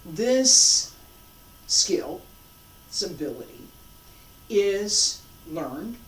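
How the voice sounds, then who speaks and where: Very animated and fairly bright in tone, a mid-range-voiced martial arts instructor demonstrates for the class, pacing the breathing cues slowly and asking "all right?" or "okay?" along the way. There's a bit of hiss or hum, and the recording sounds roomy and far from the mic.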